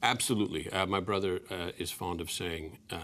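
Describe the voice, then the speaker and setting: A man's voice: deep voice, brisk, fairly bright tone. A man in his forties, a guest actor in an interview, easygoing with many restarts. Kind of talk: interview talk.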